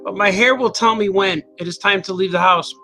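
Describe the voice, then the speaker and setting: A man's voice: high voice, a little fast, pushed and bright, soft background music, poor audio. A man casually chatting while he draws on a livestream, playful and reading viewer comments aloud. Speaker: cartoonist livestreaming his drawing. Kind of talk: casual chat while drawing.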